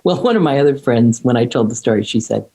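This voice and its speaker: A middle-aged woman talks in an earnest, halting way, stopping and restarting as she searches for the words. Her voice is dark and mellow with a slightly husky edge. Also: a bass voice, lively intonation, poor audio. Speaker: podcast guest. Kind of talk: reflective conversation.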